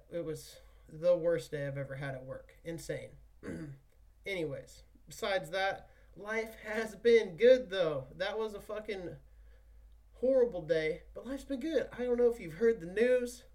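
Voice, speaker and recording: Young male podcast host, higher-pitched, hyped and foul-mouthed. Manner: profane, slangy, hyped and rambling. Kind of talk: casual solo podcast chat.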